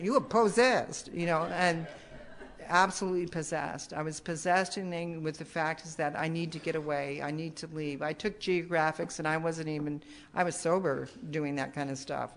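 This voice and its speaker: A woman's voice: deep voice, a little hiss or hum. An older woman giving a personal testimony at a recovery meeting, rambling and restarting with many asides. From United States. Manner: rambling, restarts often, many "you know"s. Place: meeting hall.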